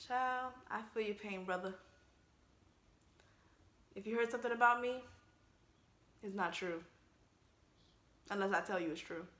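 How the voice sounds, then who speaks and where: A woman hosting a casual movie reaction, talking with animated slangy asides and frequent laughter. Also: medium pitch, slow pace, long pauses, echoey room.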